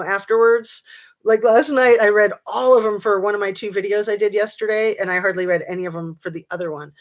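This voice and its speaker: A woman hosting a casual true-crime livestream, chatting and reading viewer comments with lots of ums and a sarcastic streak. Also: medium pitch.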